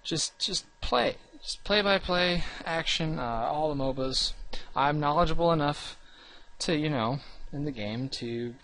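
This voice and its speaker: A young man with a slightly high voice, talking casually about his gaming channel. He rambles, restarts often and puts himself down. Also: measured pace, fairly bright tone, no echo. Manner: rambling, restarts often, earnest and self-deprecating.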